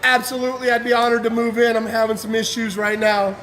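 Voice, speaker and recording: A man's voice: very high-pitched, monotone, quick pace. A man giving an impassioned personal testimony as a guest speaker, fervent and emotional, with casual slang.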